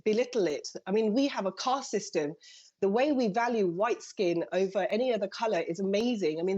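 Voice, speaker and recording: A woman in her thirties, a GP, tells her story earnestly and briefly acts out the people she quotes. Her voice is a little breathy. It comes through a muffled, lo-fi remote link. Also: medium pitch, a little mellow. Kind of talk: live TV interview, remote.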